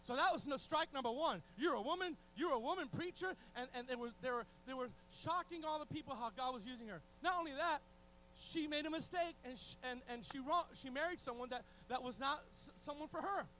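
Man, preacher, sermon, very high voice, excitable, restarts, loud then hushed. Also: a little fast, a little hiss or hum, rough recording. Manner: excitable, restarts often, swings from shouting to hushed.

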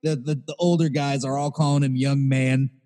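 A man's voice: mid-range voice, level tone, moderate pace, warm tone, big-room sound. A man co-hosting a podcast, telling a rambling, profane story in casual chat. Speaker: podcast co-host.

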